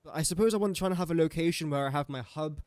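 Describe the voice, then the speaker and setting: A man's voice: on the high side, rapid-fire, darkish tone, no echo, studio quality. A young English man casually commentating his own live game stream, chatty and self-mocking, muttering guesses as he plays. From England. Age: young adult.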